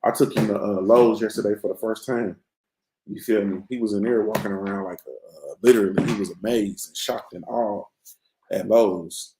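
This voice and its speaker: A man with a low, gravelly, mellow voice hosts a casual morning show from home, rambling in easy slang. The computer mic picks up a roomy echo off the walls. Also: fairly even intonation, moderate pace, a little hiss or hum. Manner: laid-back, rambling, slangy. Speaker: boxing show host. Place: room at home.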